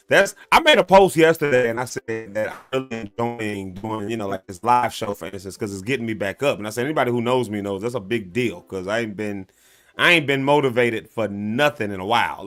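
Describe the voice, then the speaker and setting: A man's voice: medium pitch, a bit bright. A man hosting a casual morning livestream over a video call, easygoing and reflective, laughing often. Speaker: host.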